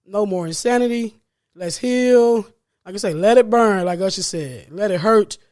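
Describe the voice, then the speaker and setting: A man's voice: high voice, normal speed, a little mellow. A man hosting a solo podcast as a life coach, talking earnestly and preachily about healing, repeating key phrases for emphasis and laughing lightly between points. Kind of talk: solo motivational podcast monologue.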